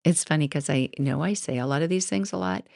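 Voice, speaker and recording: A woman's voice: deep voice, fairly quick, vocal fry, dark tone, no echo, clean studio sound. A middle-aged woman hosting her own podcast, telling personal stories in a rambling, casual way with frequent laughs and asides. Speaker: podcast host. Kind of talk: casual solo podcast talk.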